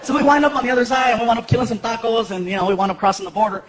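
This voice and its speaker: A man from Los Angeles telling stories on stage in an animated stand-up set, acting out voices. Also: very high voice, racing. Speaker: stand-up comedian. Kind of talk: stand-up comedy storytelling. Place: large comedy theater. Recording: roomy hall, loud audience laughter.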